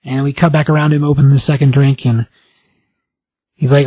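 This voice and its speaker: A man hosting a podcast, casually recapping a comic book story in an animated way, briefly acting out the characters' lines. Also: mid-range voice, a little fast, slightly rough, no room sound. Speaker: podcast host.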